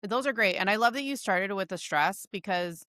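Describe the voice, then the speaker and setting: A woman hosting a podcast interview, chatting in an animated, casual way and laughing as she talks. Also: medium pitch, moderate pace, no echo, clean studio sound. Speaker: podcast host.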